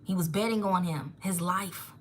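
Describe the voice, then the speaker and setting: A woman giving a live tarot reading, animated and emotional, rambling through spiritual insights. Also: fairly low pitch, moderate pace, slight background noise. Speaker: tarot reader.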